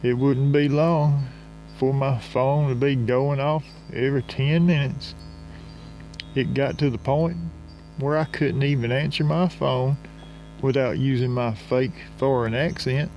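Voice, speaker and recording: A man narrating a comic story in folksy rural slang, drawling and unhurried. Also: medium pitch, steady tone, a little mellow, slight background noise.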